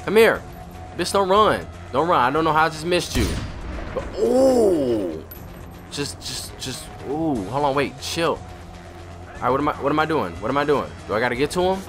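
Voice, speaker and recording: Excitable young man trash-talking while gaming. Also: on the high side, normal speed, over music. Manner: profane, excitable trash talk. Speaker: gamer commentator. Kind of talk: let's play commentary.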